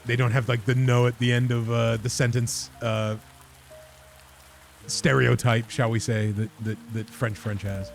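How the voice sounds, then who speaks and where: A man's voice: medium pitch, little pitch movement, measured pace, vocal fry, soft background music. A man giving casual, rambling let's-play commentary, often laughing at himself. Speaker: game streamer.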